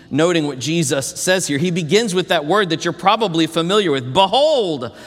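High-voiced preacher in a reverberant hall. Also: male voice. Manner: animated preaching, drops low and slow on key phrases. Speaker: pastor. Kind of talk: sermon.

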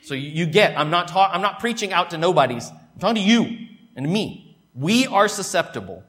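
Emphatic pastor preaching. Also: male voice, high-pitched, animated, normal speed. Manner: emphatic, swings from loud to hushed, repeats words. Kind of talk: sermon. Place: church.

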